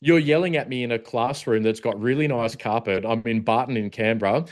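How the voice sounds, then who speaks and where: A man's voice: medium pitch, fairly quick. A man in his forties with an Australian accent, talking bluntly as a podcast guest and swearing freely. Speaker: podcast guest, former protection officer. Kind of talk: casual conversational interview.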